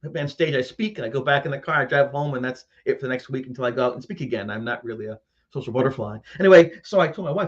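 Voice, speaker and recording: A fast-talking man with a fairly high voice tells a live crowd about his personal ghost encounter. He animatedly performs his own frightened reactions, captured on dull-sounding audio.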